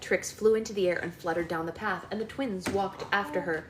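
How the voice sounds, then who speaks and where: A woman hosting a live book club, reading a novel aloud at home in a lively, expressive way. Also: medium pitch, a little fast, few pauses, roomy sound, background noise.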